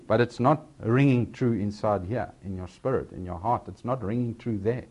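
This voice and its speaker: A man delivers a sermon at a middle pitch. He swings between raised, emphatic lines and low, quieter asides. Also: normal speed, hardly any pauses. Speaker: preacher.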